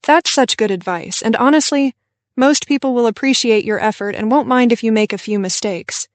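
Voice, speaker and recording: A woman with a fairly high voice co-hosts a scripted podcast for English learners. She explains tips in a clear, encouraging tone. The sound is dry and close to the mic. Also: normal speed, no room sound. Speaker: podcast co-host.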